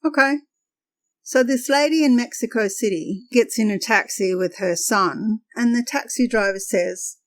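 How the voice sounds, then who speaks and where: A woman podcast host telling a funny story in a lively, conversational way. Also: on the high side, measured pace.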